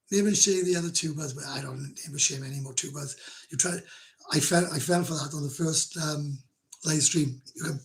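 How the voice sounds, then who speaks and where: A middle-aged Welsh man with a gravelly voice, pitched a bit high for a man. He hosts a casual livestream and chats with viewers in a blunt, rambling way. He swears freely and laughs often. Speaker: livestream host. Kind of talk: casual livestream chat, reading comments.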